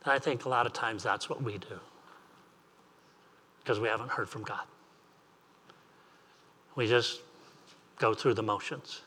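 A man's voice: lowish voice, measured pace, long pauses, sharp tone, breathy edge. A man preaching an earnest sermon as pastor, repeating phrases and asking rising questions.

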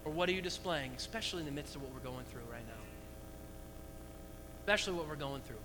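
Man, pastor, animated sermon, rhetorical questions, high pitch. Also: quick pace, noisy background.

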